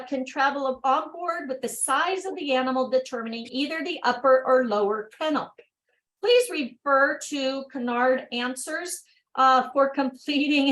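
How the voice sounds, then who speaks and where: High-voiced woman reading training notes. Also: a bit bright, rough recording. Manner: brisk reading broken by upbeat exclamations. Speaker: workshop host. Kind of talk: reading training material aloud with chatty asides.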